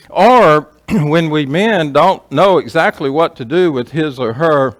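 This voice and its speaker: A middle-aged man speaking at a marriage seminar in a church, conversational, checking in with the audience and acting out quoted couples. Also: mid-range voice. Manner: conversational, asks the audience "right?"; acts out quoted voices. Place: church hall.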